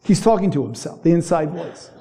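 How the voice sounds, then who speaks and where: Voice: lively intonation, fairly quick, gravelly, mellow. A preacher teaching on the psalms in a loose, conversational way, with frequent fillers and self-corrections, and a voice that climbs when speaking the psalmist's words. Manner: conversational, with many fillers and restarts; rises in pitch when voicing the psalmist. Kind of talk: sermon.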